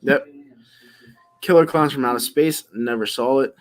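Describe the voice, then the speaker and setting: A laid-back man chatting on a live stream, rambling from one thought to the next. His voice sits at an ordinary pitch and he laughs easily. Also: measured pace, faint music behind. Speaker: stream host. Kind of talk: casual live reaction stream chat.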